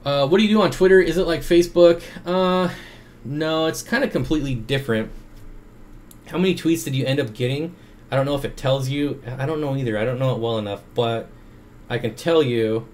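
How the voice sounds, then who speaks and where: A man's voice: mid-range voice, brisk, darkish tone, slight background noise. A man hosting a casual livestream Q&A from home, rambling with many fillers as he reads and answers chat at his computer through a desk microphone.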